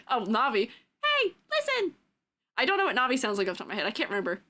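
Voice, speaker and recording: Young woman streamer, casual chat: high voice, giggly, throws in silly noises. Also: animated, very fast. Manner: giggly, bursts into silly yells and sound-effect noises.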